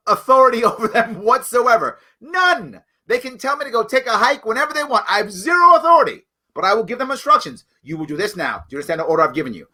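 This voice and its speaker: A middle-aged man with a bright, forceful voice pitched a little high. He hosts a political commentary livestream and speaks bluntly and emphatically, addressing viewers directly. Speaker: political show host.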